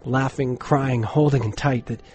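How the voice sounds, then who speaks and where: A man narrating a horror story in a measured, dramatic way, dropping to a hush for suspense. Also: medium pitch, fairly even intonation, breathy edge.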